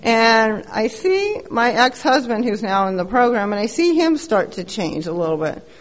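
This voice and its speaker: A woman's voice: a little high, very animated, normal speed. A middle-aged woman giving a candid, profane recovery share at a meeting, telling her story bluntly and with self-mockery.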